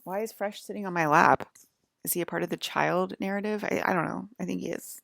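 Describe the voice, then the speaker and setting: A woman's voice: lowish voice, fairly even intonation, a little fast, gravelly, a bit bright, dry recording, studio quality. A woman rambling in an agitated monologue to her viewers, full of "like" fillers and swearing. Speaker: vlogger.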